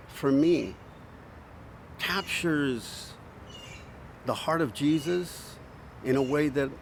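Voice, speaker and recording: A male pastor giving a short sermon in slow, earnest, pausing phrases, easing into a gentle hush at times. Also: a little high, slight background noise.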